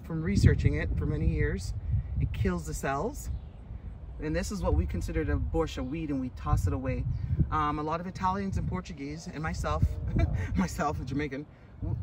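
A middle-aged woman chatting casually in a walking vlog, rambling excitedly as she films on her phone outdoors in the countryside. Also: low voice. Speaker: vlogger. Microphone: phone camera held while walking. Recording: loud outdoor background noise. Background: loud outdoor noise.

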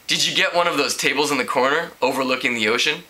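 A man's voice: medium pitch, fast, sharp tone, voice pushed up. A man reading out a gossipy teenage girl, asking eager, prying questions. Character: excited gossipy teen girl.

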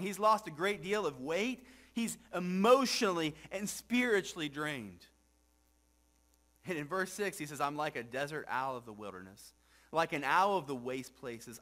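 A male pastor delivers a sermon to his congregation in a church sanctuary. His voice sits high, and he moves between earnest questions to the room and quiet, low readings of scripture. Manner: reflective preaching, often drops soft and low for scripture; asks the congregation rhetorical questions, frequent "right?".

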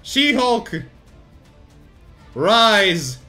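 A young card-game YouTuber gives excited gameplay commentary, swinging from loud hype yells to muttered thinking aloud, swearing casually and laughing often. His voice sits high, he speaks very slowly, and faint music plays behind him.

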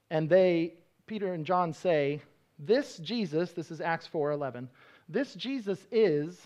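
A man's voice: sits high, highs cut off. A male pastor preaching a sermon in a conversational, explanatory way, often restarting his sentences.

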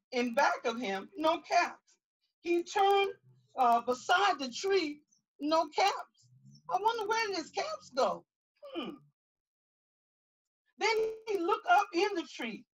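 Woman pastor reading to small kids outside, lively swooping voice, unhurried. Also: sits high, rough recording. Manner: animated, asks children questions. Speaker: pastor reading to young children. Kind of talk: children's read-aloud. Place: outdoors.

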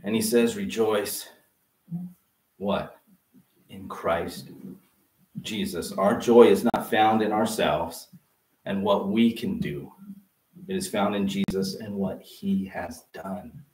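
A male pastor preaching a sermon, often pausing to let the congregation fill in a word. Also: fairly low pitch, a little mellow. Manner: interactive preaching, prompting the congregation to fill in words. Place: church. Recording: roomy sound from a distant mic.

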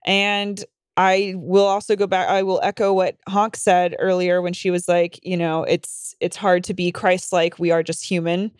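Woman co-host, slightly low voice, relaxed reactions and asides, dry sound. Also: normal speed, hardly any pauses, smooth, no echo. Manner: laid-back reactions and short asides. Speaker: podcast co-host. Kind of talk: casual chat.

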